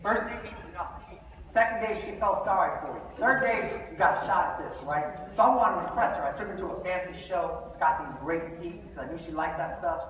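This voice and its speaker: A man's voice: sits high, fairly quick, fairly bright tone. A man giving a humorous motivational talk to a live audience, telling a story with playful comic timing. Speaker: motivational speaker. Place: large hall with live audience. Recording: echoey hall, far off, crowd noise.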